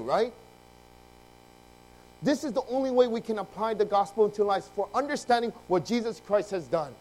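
A male pastor preaching a sermon, telling a personal story with lively acted-out dialogue, swinging between loud outbursts and hushed confession. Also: high-pitched, poor audio.

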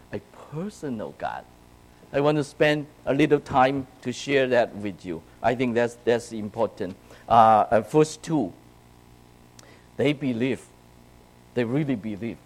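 A man's voice: medium pitch, expressive, a little slow, darkish tone, rough recording. A man preaching a sermon to his congregation in a conversational way, often checking in with "right?" and "okay?". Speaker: pastor. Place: church, speaking to a congregation.

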